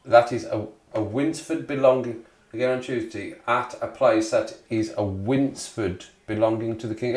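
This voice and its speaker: A man in his forties hosts a relaxed live stream, chatting and rambling as he greets viewers by name. His pitch sits right in the middle, and he laughs easily. The room around him has a noticeable echo. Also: normal speed. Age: 40s. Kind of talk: casual live stream chat. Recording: echoey room.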